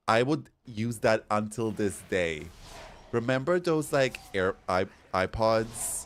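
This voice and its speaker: Chatty campy man, a bit low. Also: slow pace. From Europe. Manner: chatty, campy, animated storytelling with swearing. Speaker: streamer. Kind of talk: casual chat while gaming.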